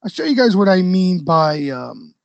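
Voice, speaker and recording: Host: high-pitched man, casual trading commentary, keeps asking "okay?", dry close sound. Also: very animated, moderate pace, gravelly, dry recording, dull audio. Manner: conversational, frequent "okay?" checks, loose trader slang. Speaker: stock trading educator and host. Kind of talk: casual market commentary to a live audience.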